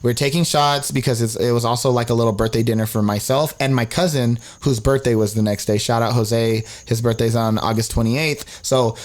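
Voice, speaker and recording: Animated young man telling a story. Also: fairly quick, few pauses. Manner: animated, acts out quotes with big pitch jumps, swears freely. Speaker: podcast co-host. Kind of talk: casual storytelling chat.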